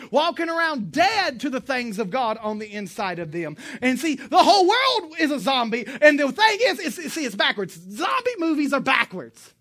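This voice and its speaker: A woman preaching a sermon in a lively, emphatic way, with joking asides and sudden bursts of loud emphasis. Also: high-pitched, moderate pace, hardly any pauses.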